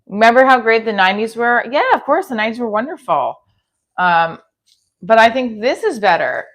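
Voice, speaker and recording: Her voice a little high and a bit bright, a New Jersey comedian in her 40s livestreams from her kitchen at a fairly quick pace, her pitch swinging widely. She keeps it casual, responding aloud to viewers' comments.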